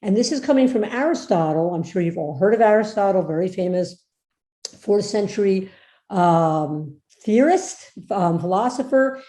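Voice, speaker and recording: Woman professor, informal lecture, chatty and engaging, warm tone, reverberant room. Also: medium pitch, normal speed. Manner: lively, chatty, asks the audience questions. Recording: echoey room.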